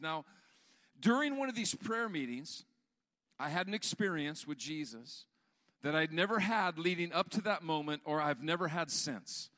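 A man preaching a sermon as pastor, animated and often repeating words as he builds a point. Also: high-pitched, big-room sound.

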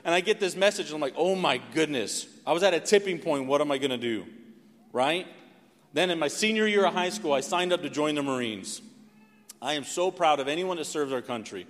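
Guy from north carolina preaching his life story, kinda high voice, long echo in the hall. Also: brisk. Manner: animated storytelling with frequent "right?". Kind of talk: sermon testimony. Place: church sanctuary.

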